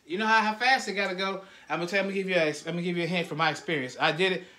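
A father hosting his family's vlog hypes up viewers, calls out to them, and teases his son in casual commentary. His voice sits high with a steady tone, rapid-fire delivery, and a pushed, bright quality.

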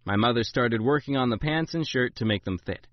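A man narrating a memoir, voicing the quoted lines with big jumps in pitch and loudness. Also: brisk, no room sound. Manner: voices the quotes with big rises in pitch and volume. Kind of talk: dramatic memoir reading. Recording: dull, lo-fi dry recording.

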